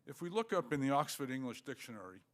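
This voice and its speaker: An older man giving an academic lecture, measured and halting, with many fillers. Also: mid-range voice, sing-song. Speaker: guest lecturer.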